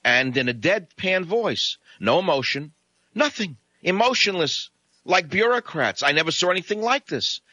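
Bright, dry-voiced ranting radio host man. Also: high-pitched, animated, normal speed, dry recording, muffled recording. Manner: ranting, sarcastic, indignant. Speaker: radio talk show host. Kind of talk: combative radio talk show monologue. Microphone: studio broadcast microphone.

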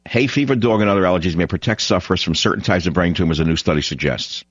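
A man's voice: low-pitched, fast talker, husky, no echo, lo-fi sound. A man hosting a radio talk show, delivering a blunt, opinionated, rambling monologue.

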